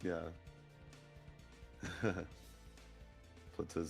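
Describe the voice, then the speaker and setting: A man's voice: low-pitched, moderate pace, faint music behind. A man co-hosting a podcast, chatting casually and rambling as he loses his train of thought. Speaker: podcast co-host. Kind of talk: casual chat.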